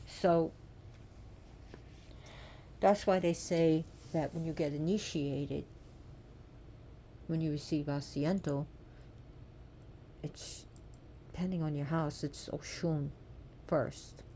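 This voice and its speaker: A woman with a somewhat low voice retells an old myth with raw feeling. She repeats words for weight and asks the listener direct questions. A faint background hiss runs underneath. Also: steady tone, slow pace, long pauses, mellow. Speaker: storyteller. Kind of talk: emotional oral storytelling of myth.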